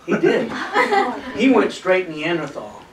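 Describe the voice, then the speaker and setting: A man's voice: sits high, very animated, slow. A man telling a funny hunting story in a casual way, laughing often as he talks. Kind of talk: casual anecdote. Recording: roomy distant camcorder audio with loud noise.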